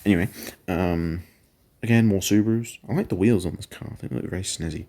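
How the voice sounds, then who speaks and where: A man's voice: low-pitched, quick pace, mellow. A man giving casual, rambling game commentary, often stopping to correct himself. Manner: rambling, self-correcting, chatty. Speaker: gaming channel host.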